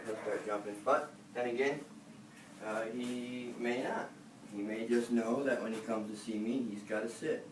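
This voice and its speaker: A dog trainer talks his way through a session in a loose, rambling way, dropping plenty of fillers as he goes. He sounds like a man standing some distance from the camera in an echoey room. Animal sounds and a steady noise sit behind him. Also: mid-range voice. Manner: relaxed, rambling, with many fillers. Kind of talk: casual explaining to camera while training. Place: indoor dog facility.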